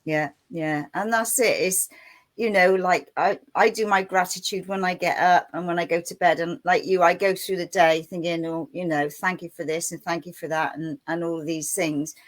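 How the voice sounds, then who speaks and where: A woman co-hosting a relaxed chat, reflective and quick to agree with her guest. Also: fairly low pitch. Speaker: co-host. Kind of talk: casual conversational chat.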